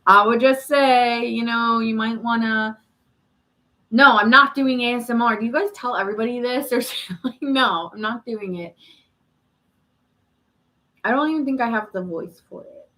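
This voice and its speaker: A woman's voice: on the high side, moderate pace, long pauses, bright, forceful tone, poor audio. A woman hosting a live tarot reading stream, chatting casually and answering viewer comments with frequent laughs.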